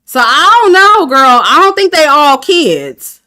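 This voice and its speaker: A woman's voice: high voice, sing-song, unhurried, bright, forceful tone. A woman, talking casually to her chat about a dating show, candid and laughing often. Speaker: reality TV commentator. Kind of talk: casual review livestream.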